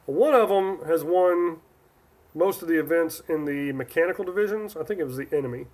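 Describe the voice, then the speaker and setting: A man's voice: on the high side, a little fast, a little mellow. A man from Northern California hosting a casual live stream, answering viewer questions in a rambling, chatty way that often trails off and restarts. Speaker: livestream host.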